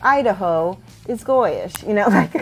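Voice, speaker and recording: A woman with a medium-pitched, breathy-edged voice chats casually while painting miniatures for her viewers. She rambles and giggles often, going soft when concentrating.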